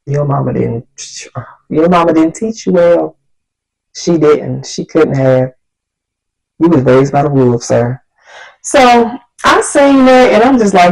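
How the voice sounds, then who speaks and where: A woman vlogger telling a story in an animated, exasperated way. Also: deep voice, a little slow, vocal fry, pauses often, rough recording. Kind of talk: storytime vlog.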